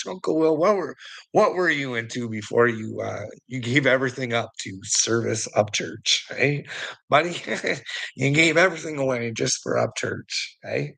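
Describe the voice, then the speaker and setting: Casting note: husky, gravelly-voiced man, casual rambling commentator, laughs through his lines, salty language. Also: mid-range voice, pushed and bright, rough recording. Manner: chuckles often, swears, rambling. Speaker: online commentator.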